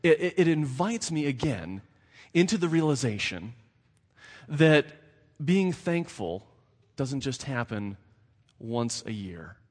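Pastor preaching in a reverberant hall. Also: male voice, mid-range voice, big pitch swings, slow pace, a little mellow. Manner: conversational, repeats words as he builds a point. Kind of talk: sermon. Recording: long reverb of a large hall.

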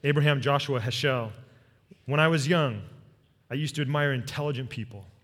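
A man preaching a sermon as pastor, telling a personal story with earnest warmth and leading the congregation in repeated phrases. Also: mid-range voice, moderate pace. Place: church sanctuary. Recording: long reverb of a large hall.

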